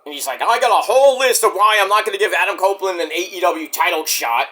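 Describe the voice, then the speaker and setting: A man with a high-pitched voice talks fast while casually reviewing a wrestling show as he watches it live. He's excitable, swears, and acts out the wrestlers' promo lines.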